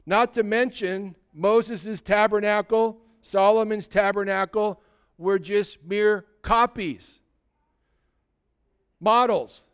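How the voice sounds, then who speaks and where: A man's voice: high-pitched, fairly even intonation, slow pace, fairly bright tone, smooth. A male pastor delivering an earnest sermon, exhorting his congregation directly.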